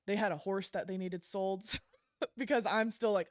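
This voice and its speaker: Animated woman telling a story. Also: mid-range voice, moderate pace, no room sound, studio quality. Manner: animated, self-deprecating, laughs often; frequent fillers like um and like. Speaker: podcast guest. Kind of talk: casual storytelling.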